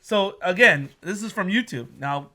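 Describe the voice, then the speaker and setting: Male co-host, bright, slightly high voice, animated storyteller, casual chat. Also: moderate pace. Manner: animated storyteller, laughs a lot. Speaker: podcast co-host.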